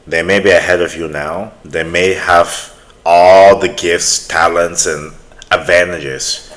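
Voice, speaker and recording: A man with a very low voice speaks in earnest, preachy bursts as he hosts a reaction video. He hammers short motivational points one after another. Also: unhurried, fairly bright tone. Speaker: reaction channel host.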